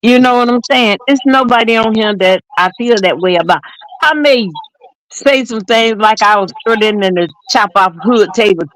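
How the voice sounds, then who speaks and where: A woman's voice: on the high side, normal speed, fairly bright tone, no room sound, rough recording. Seventy-something woman, toothless, dry close sound, salty and joking. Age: 70s. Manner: salty, joking, laughs often. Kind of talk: casual chat.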